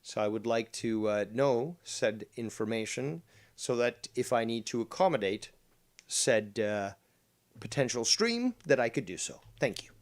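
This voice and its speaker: Man, livestream host, casual chat, mock-formal wording, mid-pitched voice. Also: animated, measured pace. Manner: mock-formal, reads chat aloud, swears.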